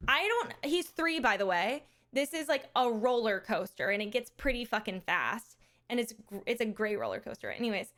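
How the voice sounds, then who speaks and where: Hosting a charity fundraiser stream, a fairly high-pitched woman relates a story in laid-back conversation. She's lively, laughing a lot and cursing casually.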